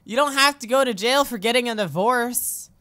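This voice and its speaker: Giggly, excitable young woman gamer. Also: fairly high pitch, normal speed, no room sound, studio quality. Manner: excitable, giggly, yelps and shouts at the game. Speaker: let's play host. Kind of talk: game commentary.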